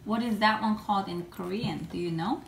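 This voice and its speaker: A woman's voice: medium pitch, moderate pace. A mother in her thirties chatting casually with her young daughters at home, asking questions and guiding them. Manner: coaxing, questioning her child. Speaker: mother filming her kids. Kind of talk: casual family chat. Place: home room, indoors. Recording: echoey room with clear background noise.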